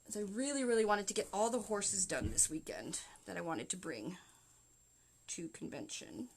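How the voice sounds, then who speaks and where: A Canadian woman with a gravelly, medium-pitched voice speaks at normal speed while hosting a wreath-making livestream. She chats with viewers as she works through the craft step by step, with slight background noise.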